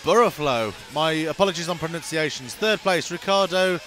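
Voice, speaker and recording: A man's voice: a little high, normal speed, fairly bright tone, slight background noise. A man reading race results and greeting new group members, chatty and self-mocking. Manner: chatty, self-mocking, apologetic about names. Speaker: race stream presenter. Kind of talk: casual live-stream chat. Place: outdoors at race track.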